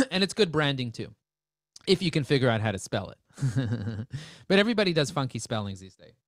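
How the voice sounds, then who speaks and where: Energetic joking man presenting a webinar. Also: mid-range voice, moderate pace, no room sound, clean studio sound. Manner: energetic, joking salesman patter.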